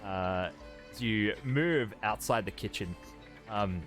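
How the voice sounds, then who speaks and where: A man's voice: lowish voice, takes it slowly, a bit bright, faint music behind. A man narrating as game master of a tabletop game, describing scenes in a rambling way with many ums and restarts.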